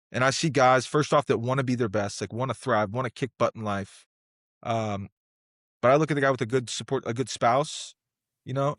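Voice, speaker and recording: A man speaks as a podcast guest in a passionate, earnest way, circling back with plenty of fillers. His voice sits at an ordinary middle pitch. The sound is close and dry, with no room around it. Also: no room sound. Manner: passionate, earnest, rambling storytelling. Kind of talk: casual interview conversation.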